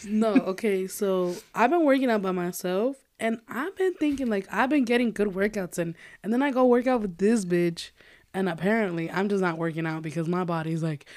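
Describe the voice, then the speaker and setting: A woman's voice: medium pitch, normal speed, a little mellow. A woman co-hosting a podcast in casual chat, blunt and teasing, swearing freely, a bit tipsy. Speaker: podcast co-host.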